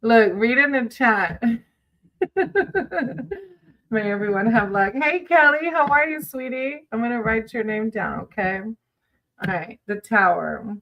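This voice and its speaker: A woman's voice: a little high, animated, slow, pauses often, fairly bright tone, poor audio. A woman hosting a casual livestream, chatting with viewers between tarot readings, giggling often and calling people sweetie.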